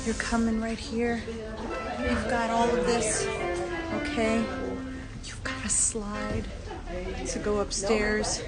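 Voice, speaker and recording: A woman giving an excited live room tour on a cruise ship, filmed on a handheld phone and out of breath at times. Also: a little high, takes it slowly, pauses often, loud music behind the voice. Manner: excited, gasping and laughing. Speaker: cruise vlogger. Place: cruise ship cabin, indoors.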